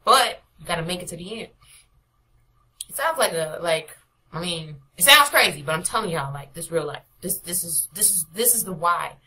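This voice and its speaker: A woman's voice: on the low side, animated, moderate pace, bright, forceful tone, low-quality recording. A young adult woman, a prophetic minister, preaching an informal devotional with emphatic, repetitive exhortations.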